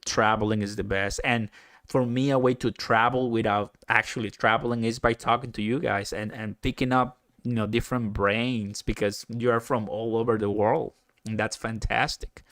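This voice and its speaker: A man hosting a casual live stream, chatting excitedly, laughing often and answering viewer comments. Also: fairly low pitch, normal speed, no room sound, clean studio sound.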